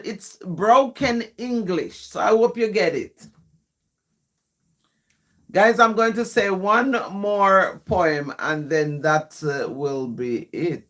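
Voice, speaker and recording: Jamaican woman poet hosting a live stream, unhurried delivery, explains things patiently and keeps checking in with viewers. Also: mid-range voice, a bit bright. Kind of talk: live stream, reading poetry and chatting with viewers.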